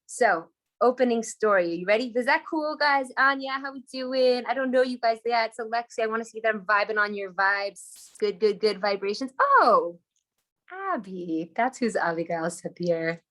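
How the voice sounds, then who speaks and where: A woman's voice: fairly high pitch, normal speed, a bit bright. A woman teaching on a live video call, telling a story in an enthusiastic, chatty way. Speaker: Torah teacher.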